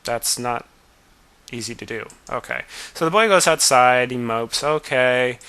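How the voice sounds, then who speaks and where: A man's voice: medium pitch, a little slow, sharp tone, clean tone. A man in his forties giving a wry, self-deprecating director's commentary on his own childhood film. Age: 40s.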